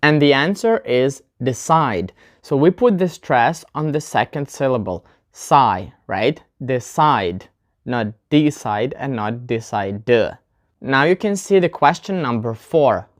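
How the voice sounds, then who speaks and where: A woman's voice: rumbling low, animated, unhurried, few pauses. A woman giving a casual online English pronunciation lesson, chatty and talking straight to viewers, demonstrating word stress aloud. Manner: chatty, often addresses viewers as "guys".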